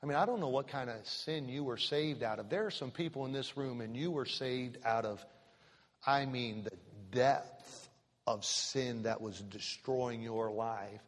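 A male pastor preaching with emphatic repetition, putting pointed questions to his congregation. His voice sits at a middle pitch and rings through a large hall. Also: a little slow. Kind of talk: sermon. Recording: reverberant church hall.

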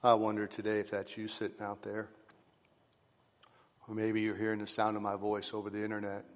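A man preaching a sermon to his congregation, swinging from loud rising calls to hushed, whispered lines. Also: lowish voice, completely flat delivery, brisk. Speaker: pastor. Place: church sanctuary. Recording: long reverb of a church hall.

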